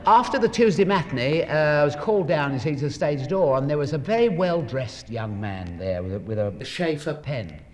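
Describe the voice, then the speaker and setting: A man's voice: a little high, expressive, moderate pace, hardly any pauses. A middle-aged man, an actor, telling chatty anecdotes to an audience on stage with asides and chuckles, speaking into a stage microphone. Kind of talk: anecdotal stage talk and poem reading. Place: hall with a live audience. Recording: echoey hall, faint noise.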